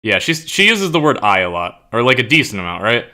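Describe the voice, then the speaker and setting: A man's voice: mid-range voice, sing-song, brisk, pushed and bright. A young man talking casually to his stream chat, rambling, swearing and hunting for words. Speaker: streamer and writer.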